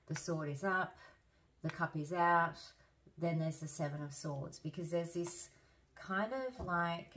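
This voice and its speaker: Hoarse woman, low voice, noisy recording. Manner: chatty, thinks aloud with fillers and restarts. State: hoarse, losing her voice. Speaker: tarot reader. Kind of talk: casual tarot reading.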